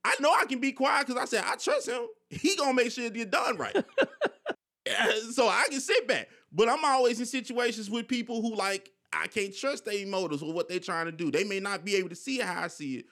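A man's voice: high-pitched, a little fast, hardly any pauses, sharp tone. A young man hosting a podcast, telling personal stories candidly in casual slang with frequent swearing. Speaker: podcast host. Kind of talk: casual conversation.

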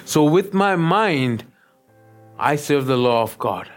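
A man's voice: on the high side, animated, slow pace, soft background music. Man preaching, often asking "yes?". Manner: keeps checking in with the listeners, asking "yes?". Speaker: pastor. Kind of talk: sermon.

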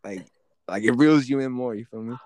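A man's voice: brisk, a little mellow, no room sound. A young man hosting a podcast, chatting casually in slangy, profane speech with many fillers. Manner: slangy and profane, swooping pitch, filler-heavy. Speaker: podcast host.

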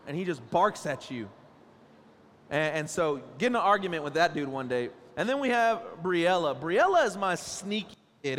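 Playful high-voiced male pastor. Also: slight background noise. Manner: playful, joking, animated storytelling. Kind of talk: sermon. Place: church stage. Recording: church hall reverb.

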